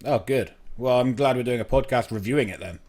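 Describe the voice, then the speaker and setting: A man's voice: mid-range voice, brisk, a little mellow. A man co-hosting a casual podcast, teasing his co-host with dry wisecracks. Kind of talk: casual chat.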